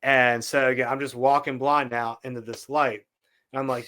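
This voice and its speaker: On a podcast, a male guest spins a lively, casual tale and performs other people's lines as he goes. His pitch is medium and his pace moderate.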